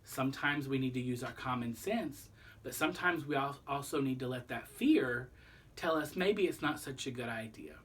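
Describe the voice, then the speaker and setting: A man reading a children's book aloud, pausing to explain the lesson to young listeners. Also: mid-range voice, expressive, a bit bright, breathy edge, recorded from a distance. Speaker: storybook reader.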